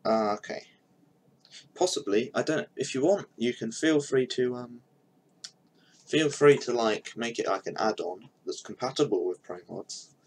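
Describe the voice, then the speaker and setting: A man's voice: medium pitch, measured pace, poor audio. A young man thinking aloud in casual commentary while he builds a game map on a live stream, with mumbled asides as he works.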